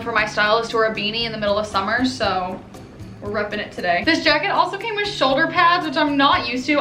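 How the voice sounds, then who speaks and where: A woman's voice: sits high, pushed and bright. Bubbly, chatty young woman vlogger. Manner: chatty, filler-heavy, bubbly. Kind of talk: casual vlog chat. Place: apartment, then city streets and shops. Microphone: handheld camera.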